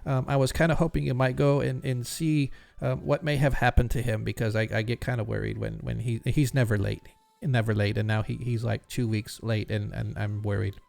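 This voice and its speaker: A man's voice: mid-range voice, level tone, brisk, gravelly, few pauses, darkish tone, natural voice. A man doing a stammering nervous jeweler. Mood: worried. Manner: stammering, hesitant, worried. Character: nervous middle-aged male human jeweler.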